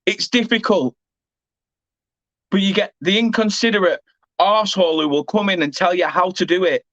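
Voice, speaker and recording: A man's voice: high voice, moderate pace, a bit bright, no room sound, low-quality recording. A man with an English accent who hosts a football fan channel, ranting angrily and swearing while repeatedly apologising. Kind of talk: angry rant to camera.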